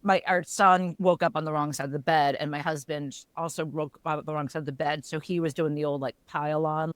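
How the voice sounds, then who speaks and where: A woman co-hosting a podcast in casual chat, telling stories with laughter and quick self-corrections. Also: low voice, clean tone, no echo. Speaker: podcast co-host.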